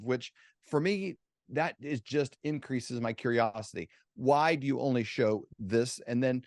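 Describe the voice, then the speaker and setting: A man's voice: medium pitch, a little mellow, no echo, studio quality. A man hosting a casual interview, talking in a conversational way with hesitant fillers. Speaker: interviewer, host.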